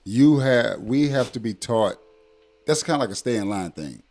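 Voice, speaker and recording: A man's voice: medium pitch, animated, normal speed, a little mellow. A man in his thirties speaking as a parent in a casual conversation, blunt and emphatic with many fillers. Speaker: guest parent.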